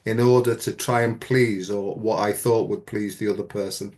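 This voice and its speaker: Male host, calm and reflective, fairly low voice. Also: moderate pace. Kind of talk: casual conversation.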